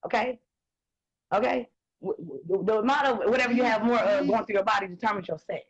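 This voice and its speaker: A woman, talking in blunt, profane and animated casual chat as host. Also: medium pitch, brisk, breathy edge, lo-fi sound. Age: 20s.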